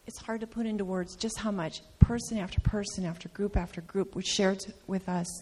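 A woman's voice: medium pitch, steady tone, fairly quick, darkish tone, a little hiss or hum. A woman sharing an earnest testimony with her congregation, stressing her points by repeating them. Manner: earnest, emphatic repetition. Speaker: trip speaker sharing testimony. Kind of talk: heartfelt testimony.

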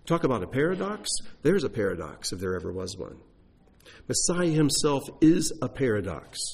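Male preacher, husky, lively delivery with rhetorical questions. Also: medium pitch. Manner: animated, conversational teaching with rhetorical questions. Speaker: Bible teacher. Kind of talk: sermon.

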